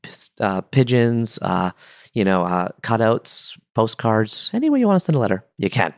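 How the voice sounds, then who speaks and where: Animated, chatty podcast host man. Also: lowish voice, moderate pace, no room sound, studio quality. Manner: enthusiastic, chatty, playful asides. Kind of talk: casual podcast monologue.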